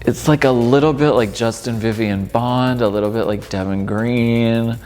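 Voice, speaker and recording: A drag performer in his thirties casually reacts to his old footage, chatty and amused, filling his speech with "like." His mid-range, slightly mellow voice has fairly even intonation and a moderate pace. Long room reverb and faint music are audible.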